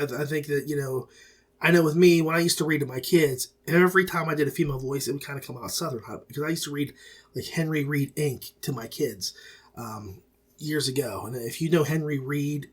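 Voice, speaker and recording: Middle-aged man, podcast host, husky voice, medium pitch, rambling and folksy, casual review monologue. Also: a bit bright. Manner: rambling, self-correcting, folksy.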